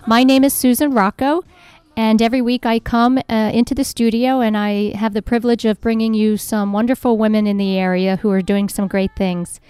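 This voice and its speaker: A woman's voice: a little high, steady tone, fairly quick, few pauses, clean tone. A woman hosting a local radio talk show, chatty and full of ums. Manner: chatty, warm laughs, many ums. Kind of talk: radio interview. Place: radio studio.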